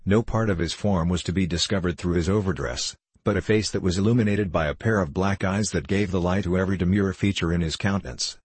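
A man narrating a classic novel in a measured, even way. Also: sits low, slightly rough, no echo. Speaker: audiobook narrator.

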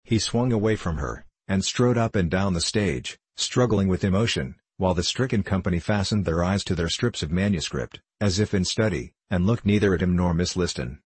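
A man narrating a novel in a measured, even storytelling manner. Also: low-pitched, breathy edge, dry recording. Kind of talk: audiobook narration.

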